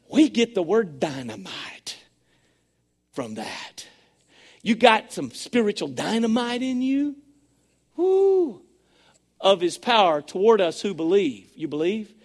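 A man preaching a sermon, excitable and swinging between shouting and a hushed voice. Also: high voice. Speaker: pastor.

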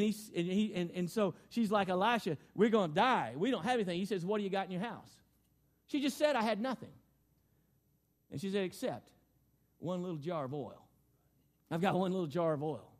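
A man's voice: sits high, a little mellow. A middle-aged man, preaching a sermon in a folksy, conversational way and acting out the quotes. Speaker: pastor.

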